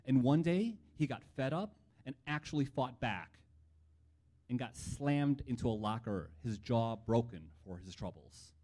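Mellow-voiced man telling a personal story. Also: medium pitch, animated, unhurried. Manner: wry, reflective.

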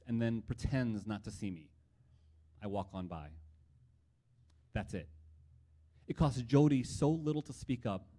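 Mellow-voiced man telling a personal story. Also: mid-range voice. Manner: wry, reflective.

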